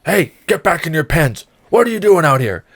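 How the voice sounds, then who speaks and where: A man's voice: on the high side, very animated, normal speed, fairly bright tone, voice pushed up, full character voice. A man voicing a bossy male farm dog who barks orders, hammed up while retelling a film.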